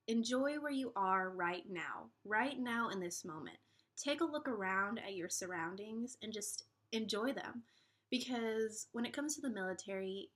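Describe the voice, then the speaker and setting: A woman's voice: medium pitch, a bit bright. A young woman in her twenties speaks straight to her viewers in a casual vlog. She is earnest and encouraging, and her talk is full of fillers and restarts. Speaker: vlogger giving relationship advice.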